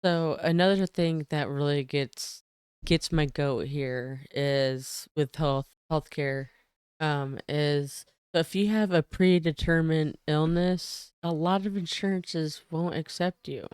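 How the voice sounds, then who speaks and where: Slow-talking woman reacting to clips. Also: sits low, darkish tone, clean tone, no room sound, clean studio sound. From United States. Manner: slow, thoughtful, plain-spoken. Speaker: reaction video host. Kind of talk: casual reaction commentary.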